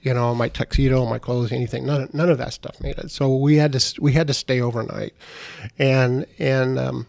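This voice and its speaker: A middle-aged man, a podcast guest, telling a story in a casual, halting way and often repeating his words. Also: medium pitch, steady tone, creaky, darkish tone, no echo, studio quality.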